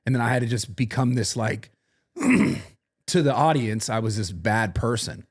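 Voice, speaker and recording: A young man hosting a podcast, talking earnestly and thinking aloud. He fills his sentences with "like" as he works through what he means, and his voice sits at an ordinary middle pitch. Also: big pitch swings, unhurried, breathy edge. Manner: earnest, reflective, many "like" fillers. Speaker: podcast host. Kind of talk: casual podcast chat.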